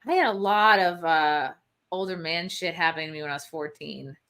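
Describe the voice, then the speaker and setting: A woman's voice: low voice, fairly quick, fairly bright tone. A woman guest in a casual chat, telling stories in a candid, offhand way.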